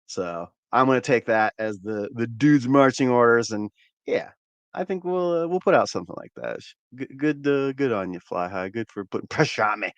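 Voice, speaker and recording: This man hosts a cannabis channel and talks with his livestream viewers in a relaxed, rambling style, repeating words and swearing freely. His mid-range voice is expressive and moves at a moderate pace. The recording has no echo, but the highs are cut off.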